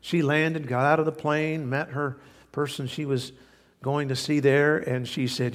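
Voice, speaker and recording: Gravelly man preaching in a reverberant hall. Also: on the high side, steady tone, normal speed. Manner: earnest, repetitive emphasis with folksy anecdotes. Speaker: pastor. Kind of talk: sermon. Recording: long reverb of a large hall.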